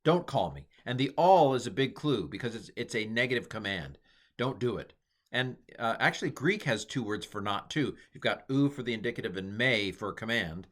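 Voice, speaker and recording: A man's voice: medium pitch, animated, moderate pace, a bit bright. A middle-aged man giving a casual, chatty Bible Hebrew lesson, with playful asides and small jokes. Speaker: teacher.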